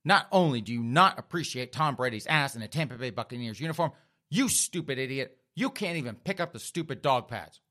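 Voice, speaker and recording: A man voicing an angry middle-aged woman who scolds and yells insults. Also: animated, a little fast. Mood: seething. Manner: shrill, scolding, yelling insults.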